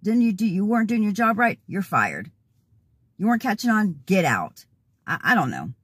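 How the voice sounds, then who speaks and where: A hoarse, worked-up woman venting casually to her vlog audience with exasperated, laughing asides. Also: mid-range voice, big pitch swings, normal speed, fairly bright tone, dry recording. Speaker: vlogger. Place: in a car, then at home.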